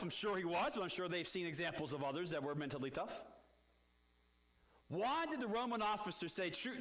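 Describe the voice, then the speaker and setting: Bright-voiced middle-aged male pastor. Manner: animated, swings from loud outbursts to low asides. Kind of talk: storytelling sermon. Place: church. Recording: echoey church hall.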